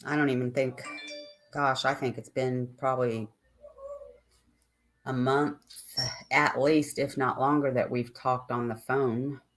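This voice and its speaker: Slow, rambling older woman chatting. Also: very deep voice, steady tone, faint music behind. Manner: rambling, chatty, answering viewer comments. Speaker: live-stream host. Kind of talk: casual live-stream chat with viewers.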